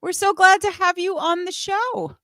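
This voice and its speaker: A woman's voice: very high voice, moderate pace, fairly bright tone, no room sound. A woman hosting a live music show, bubbly and playful, laughing often. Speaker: host.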